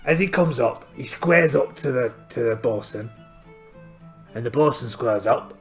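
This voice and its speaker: A man with a mid-range voice and measured pace hosts a solo tabletop game. He tells it playfully, like a story, and reasons aloud over his dice rolls, with a quiet music track in the background.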